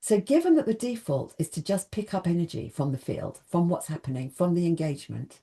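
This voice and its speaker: A woman's voice: on the low side, very animated, fairly quick, warm tone. A woman giving an earnest motivational talk, speaking directly to the viewer and often asking them questions. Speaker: self-help speaker.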